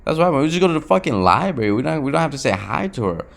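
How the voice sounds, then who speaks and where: A man's voice: on the high side, big pitch swings, rapid-fire, creaky. A young man talking candidly to his camera, restless and emotional, who swears, repeats himself and keeps saying "bro.". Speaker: vlogger. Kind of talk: confessional talk to camera.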